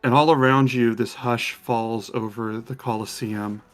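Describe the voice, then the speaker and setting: A man running a tabletop game as game master, who slows down when he describes the monsters. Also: mid-range voice, fairly even intonation, faint music behind.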